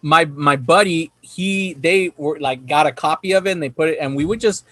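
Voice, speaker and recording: A man's voice: on the high side, moderate pace, fairly bright tone, dry recording. A man hosting a casual podcast chat, rambling and cursing freely while telling stories. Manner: profane, rambling storytelling. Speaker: podcast host.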